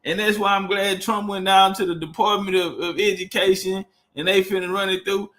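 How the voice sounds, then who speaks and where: A man's voice: sits high, steady tone, a little fast, hardly any pauses, sharp tone. A man hosting a livestream, talking loosely and profanely and repeating words as he searches for the next one. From Texas. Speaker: livestream host. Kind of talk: casual livestream talk.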